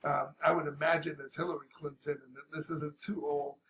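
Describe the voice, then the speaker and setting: Gravelly laid-back man reacting to a rap song. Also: a little high, level tone, fairly bright tone. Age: older adult. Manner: laid-back, talks over paused music with fillers. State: sick, coughing. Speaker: reaction video host. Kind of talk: casual reaction commentary. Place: at home.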